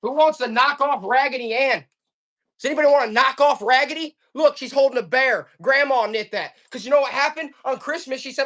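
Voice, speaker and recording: A woman selling items on a live stream auction in fast, joking, hyped-up sales patter, coughing now and then. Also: high-pitched. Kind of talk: casual live selling banter.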